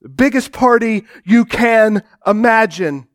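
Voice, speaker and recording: A man preaching a dramatic sermon in church, swinging between loud declarations and hushed, low passages. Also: animated, a little slow. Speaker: pastor.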